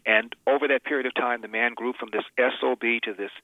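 A man's voice: mid-range voice, fairly even intonation, brisk, no room sound. A man as an interview guest, telling a personal family story in an earnest, emphatic way. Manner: earnest, emphatic, repeats words when moved. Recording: tinny phone line.

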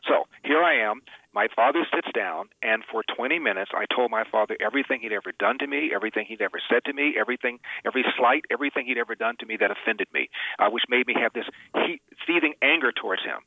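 A man's voice: mid-range voice, lively intonation, fast, creaky, no echo. A man speaks as a radio interview guest over a phone line that sounds thin and tinny. He tells a long personal story earnestly and emphatically, stumbling and repeating words when it matters. There is no room sound around him.

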